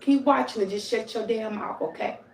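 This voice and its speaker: A woman's voice: on the high side, moderate pace, a little mellow, recorded from a distance. A woman hosting a livestream, talking straight at her viewers in a blunt, profane, scolding rant. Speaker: livestream host. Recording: roomy echo.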